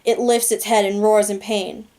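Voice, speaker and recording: A woman reads a novel aloud in a calm, steady way. Her voice is mellow and dark, and her delivery is flat and even. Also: medium pitch, normal speed. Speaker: audiobook reader.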